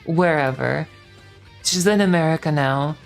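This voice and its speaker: A woman's voice: low-pitched, a little slow, vocal fry, soft background music. A woman streamer giving a rambling, profane, sarcastic recap in casual chat.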